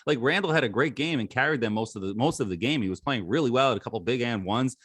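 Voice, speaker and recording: A man co-hosting a sports podcast with a joking, sarcastic manner, laughing easily between points. His voice is mid-pitched and recorded close and dry. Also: fast talker, a bit bright, breathy edge, no room sound. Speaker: podcast co-host. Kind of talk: casual sports chat.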